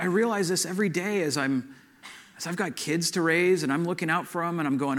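A man who is a pastor, telling a personal testimony in a sermon, in an earnest, conversational storytelling manner with animated swings in emphasis. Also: on the high side, fairly quick.

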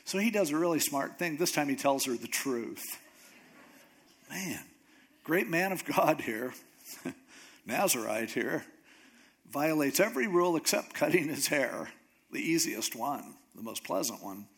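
Jokey preacher retelling a story. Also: male voice, a little high, measured pace, long pauses. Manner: lively, jokey retelling with asides. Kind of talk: humorous sermon storytelling.

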